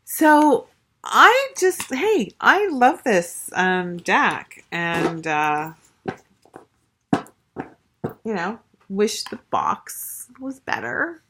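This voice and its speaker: A woman's voice: medium pitch, big pitch swings, drawn-out words, a bit bright, breathy edge. A woman casually reviewing a tarot deck, gushing and chatty, with lots of fillers and restarts. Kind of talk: casual show-and-tell review.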